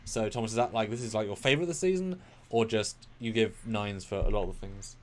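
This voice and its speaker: A fast-talking man with a voice on the low side co-hosts a live review stream, with a little hiss or hum on the recording. His casual live-stream discussion comes in rambling, analytical bursts that sometimes speed up.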